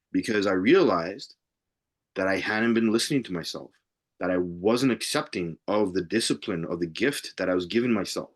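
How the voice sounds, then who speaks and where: Man, live Q&A co-host, earnest and emphatic, lowish register. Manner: earnest and emphatic, driving points home. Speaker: spiritual workshop co-host. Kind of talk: live Q&A discussion.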